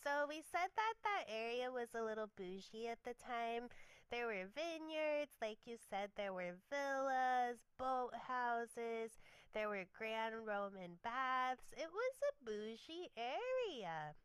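A young woman co-hosting a podcast, sharing researched facts in a relaxed, chatty way with lots of fillers. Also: a little high, takes it slowly, clear, resonant tone, no room sound. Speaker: podcast co-host. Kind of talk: casual chat.

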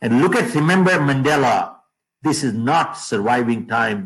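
A man giving a motivational talk to an audience, emphatic, repeating key phrases and dropping his voice low on punchlines. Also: expressive, moderate pace, a bit bright, rough recording. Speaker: motivational speaker.

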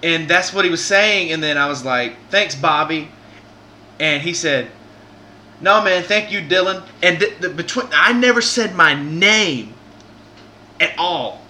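A man chats on his podcast and tells a heartfelt story in an easy, rambling way. His voice is very bright and a little high. He sounds earnest and often stops to restart a sentence. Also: expressive, a little slow, slight background noise. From Southern United States. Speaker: podcast host.

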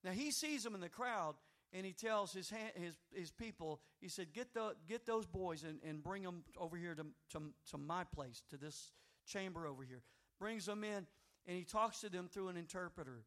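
A male pastor preaching a sermon, telling a story quietly and then rising to loud, fervent exhortation. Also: sits high, animated, moderate pace.

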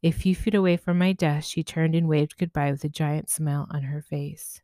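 A woman with a low voice narrates her story calmly and gently. The recording is dry and close, with almost no room sound. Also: moderate pace, no room sound. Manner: calm, gentle. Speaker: spiritual medium and podcast host. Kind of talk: first-person story narration.

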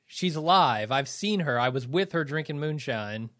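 A man's voice: a little high, expressive, normal speed, fairly bright tone, no room sound, studio quality. A man co-hosting a podcast in casual chat, trading wry quips and short replies. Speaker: podcast co-host.

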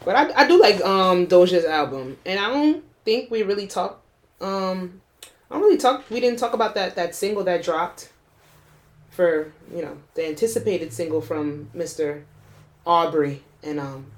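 A woman's voice: lowish voice, expressive, moderate pace. A young adult woman co-hosting a podcast in casual chat, blunt and opinionated and swearing freely. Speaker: podcast co-host.

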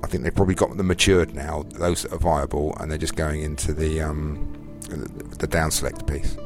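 A man's voice: extremely low pitch, little pitch movement, moderate pace, over music. A British man hosting a casual gaming podcast, rambling with frequent restarts. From Britain. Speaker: podcast host.

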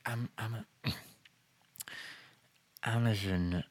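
A man co-hosting a comedy podcast, bemused and halting as he chats. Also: on the low side, steady tone. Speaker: podcast co-host. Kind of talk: casual comedy chat.

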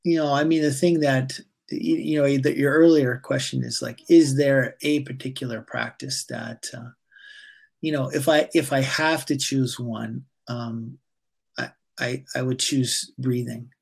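A yoga teacher is interviewed while guiding a breathing exercise, speaking calmly but haltingly with many fillers. His mid-range voice is creaky and slightly rough.

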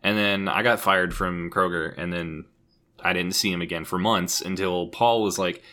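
A man's voice: low-pitched, steady tone, normal speed, bright, forceful tone. A young man casually telling a story on a podcast, swearing freely and laughing often. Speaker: podcast co-host.

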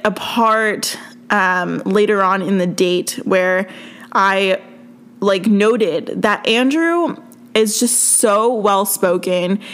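A young woman talks her way through a story in an easygoing, casual way, with "like" and "um" tucked into nearly every sentence. Her voice sits at an ordinary middle pitch. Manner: chatty, filler-heavy storytelling with frequent "like" and "um". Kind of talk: casual chat recapping a TV episode.

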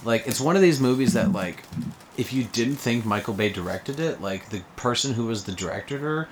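A man's voice: mid-range voice, lively intonation, normal speed, a little hiss or hum. A young man in casual conversation, rambling with lots of fillers and frequent laughs. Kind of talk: casual podcast chat about movies.

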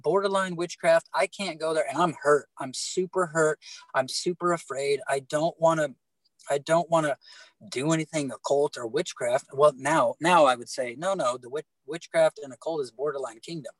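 A middle-aged man telling his faith story in casual talk, animated and halting, often repeating words and restarting. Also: fairly high pitch, no room sound, poor audio. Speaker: guest telling his testimony.

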